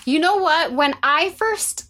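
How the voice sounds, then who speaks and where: Animated high-voiced woman host. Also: slow. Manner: animated, laughs often, acts out her own thoughts. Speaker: podcast host. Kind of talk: casual conversation.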